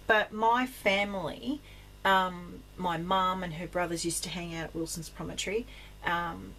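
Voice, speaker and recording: Chatty Australian woman rambling about craft finds. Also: a little hiss or hum. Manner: chatty, rambling, many ums, bursts of excited high pitch. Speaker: craft vlogger. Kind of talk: casual rambling chat.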